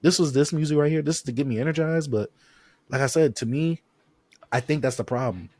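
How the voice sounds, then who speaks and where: A man's voice: on the high side, fairly quick, no echo. A man co-hosting a podcast, chatting casually about music and acting out quotes as he tells stories. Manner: animated, acts out quotes when telling stories. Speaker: podcast co-host. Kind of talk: casual chat.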